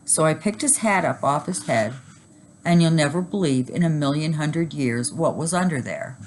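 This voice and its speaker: A woman teacher reading a children's chapter book aloud, animated and expressive. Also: low voice, normal speed, slight background noise.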